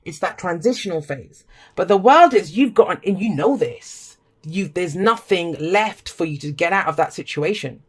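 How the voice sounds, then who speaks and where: Casual tarot reading, blunt and emphatic, swears freely, mid-pitched voice. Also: lively intonation, moderate pace, husky. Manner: warm pep talk to viewers. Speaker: tarot reader.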